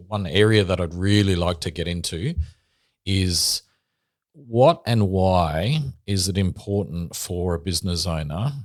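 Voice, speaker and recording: Male podcast host, very low voice, dry close mic, loose rambling questions. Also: dry recording. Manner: long, rambling questions with restarts.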